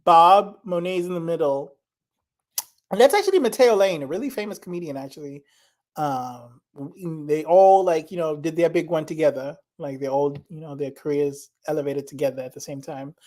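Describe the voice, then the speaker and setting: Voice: mid-range voice, moderate pace, darkish tone. A vlogger from Zimbabwe chatting casually, rambling with many fillers. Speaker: reaction vlogger. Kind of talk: casual chat.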